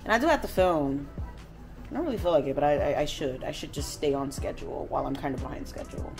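A woman's voice: sits low, sing-song, fast, music in the background. A woman vlogging a story from home, ranting in a heated, profane way. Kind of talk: storytime vlog. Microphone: camera.

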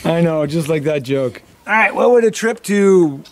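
A man's voice: fairly high pitch, expressive, normal speed. A man hosting a family vlog, narrating casually to the camera outdoors by a lake and joking along the way. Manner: jokey, chatty, talking to camera. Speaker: vlog host, dad. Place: outdoors by a small lake and marsh.

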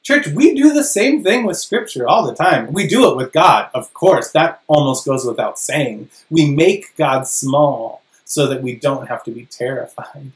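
A pastor reads scripture aloud and preaches with dramatic emphasis, slowing down to stress key phrases. The voice sits at a middle pitch. The recording carries the roomy echo of a church. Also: expressive. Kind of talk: sermon.

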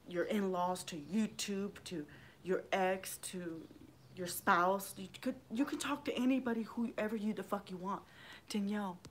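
A woman's voice: mid-range voice, a little hiss or hum. A middle-aged woman chats loosely on her own livestream, wandering from thought to thought. She swears freely and greets viewers by name as she goes. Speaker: livestream vlogger. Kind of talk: rambling casual livestream chat.

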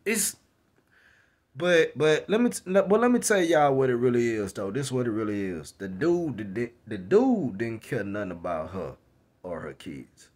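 Animated young man ranting to camera. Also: mid-range voice, normal speed. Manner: animated, repetitive, slangy storytelling with quoted voices. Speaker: vlogger. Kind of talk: casual rant to camera.

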